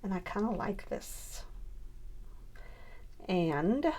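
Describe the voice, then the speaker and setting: Speaking very slowly with big swings in pitch, this woman has a mid-range voice and a dark tone, with slight background noise in the clip. She's a scrapbooking vlogger, casually chatting on camera and muttering to herself while she works on her project.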